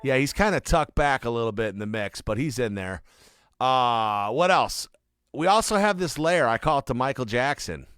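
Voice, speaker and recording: Laid-back producer with a lively voice. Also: male voice, medium pitch, normal speed, clean tone, no echo, studio quality, soft background music. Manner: laid-back, chatty, friendly tour of a mix. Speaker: music producer. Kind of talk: casual studio walkthrough.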